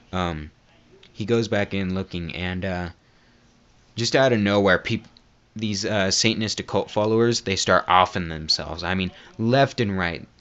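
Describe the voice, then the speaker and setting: A low-voiced man talks through a movie plot on a dull, muffled home recording. He rambles and restarts, swearing casually as he goes. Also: a bit bright. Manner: rambling, lots of fillers and restarts, swears freely. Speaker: movie reviewer. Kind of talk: casual spoken movie recap.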